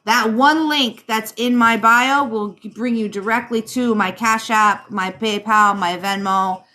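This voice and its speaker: Woman, Rhode Island accent, live-stream psychic host, friendly "darling" patter, slightly high bright voice. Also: steady tone, measured pace. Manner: chatty, calls viewers darling, many ums. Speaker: psychic reader and livestream host. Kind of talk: live-stream chat and card reading.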